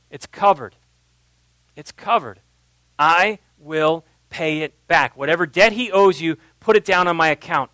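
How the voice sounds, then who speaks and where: A man in his thirties preaching a sermon in a church, moving between quiet, intimate asides and loud, impassioned passages. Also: on the high side, no room sound, rough recording. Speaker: pastor.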